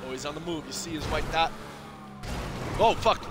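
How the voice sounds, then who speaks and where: A man's voice: on the high side, normal speed, over music. A man streaming a game live, drunk, trash-talking with lots of swearing. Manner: profane, excitable trash talk. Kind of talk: casual live gaming chat. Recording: noisy game audio behind.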